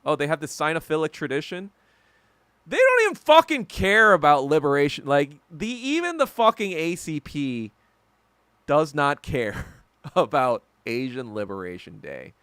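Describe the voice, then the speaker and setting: Male podcast host, fired-up profane rant, bright, forceful voice that swings widely in pitch. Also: very animated, normal speed, clear, resonant tone, dry recording. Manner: heated, profane, emphatic ranting. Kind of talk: solo ranting commentary.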